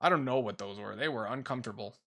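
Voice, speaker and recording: A young man with a bright, clear voice talks loosely through his rankings. He rambles, swears offhand and fills gaps with ums and uhs. His pitch sits in an ordinary middle range. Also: fast talker. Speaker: YouTuber ranking Pokemon. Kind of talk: casual commentary while making a tier list.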